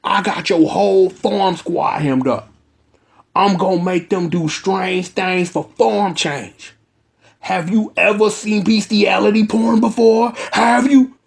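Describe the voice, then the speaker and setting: A man's voice: high-pitched, slow pace, vocal fry, exaggerated voice. A man doing a swaggering gangster villain. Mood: menacing. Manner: swaggering, threatening street slang. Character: blustering small-time male gangster villain.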